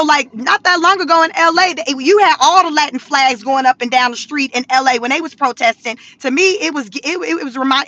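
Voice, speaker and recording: A woman from the Southern US with a Southern accent, chatting to viewers in an animated, slangy commentary. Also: high-pitched, no room sound. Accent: Southern American. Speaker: commentary vlogger.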